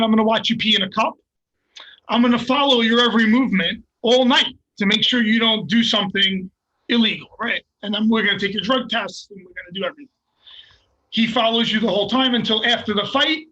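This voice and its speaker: An older man, a fighter, telling a story in casual, profane, animated bursts and laughing along the way. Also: very high voice, fast, highs cut off. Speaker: guest fighter.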